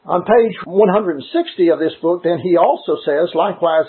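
Male preacher, high husky voice, emphatic and deliberate, tinny phone-like recording. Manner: emphatic, deliberate, slows on key words. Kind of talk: sermon.

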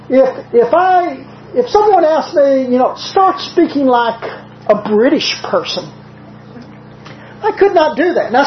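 A preacher with a Southern US accent giving a sermon in a measured, conversational way, slowing down to stress quoted scripture. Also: high-pitched, a little hiss or hum. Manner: conversational asides with frequent "uh" fillers. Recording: roomy, dull lo-fi recording.

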